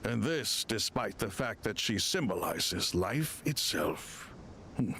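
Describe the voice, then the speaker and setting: An actor playing an ancient, solemn crocodile king god in a game, speaking in a formal, measured, reflective way. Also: fairly low pitch, very animated, gravelly, bright, forceful tone, a little hiss or hum, exaggerated voice.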